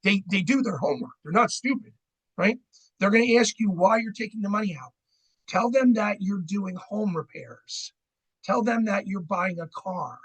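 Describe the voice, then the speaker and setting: A man's voice: high-pitched, fairly bright tone, breathy edge, rough recording. A middle-aged man gives a seminar on fraud, chatting with the audience and often asking "right?". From New Jersey. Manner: conversational, keeps asking "right?". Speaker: credit union fraud educator.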